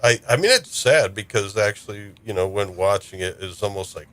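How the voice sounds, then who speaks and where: A man's voice: fairly low pitch, fairly quick, hardly any pauses. A man hosting a podcast, talking casually with frequent fillers. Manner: relaxed, chatty, frequent fillers. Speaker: podcast host. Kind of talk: casual group chat.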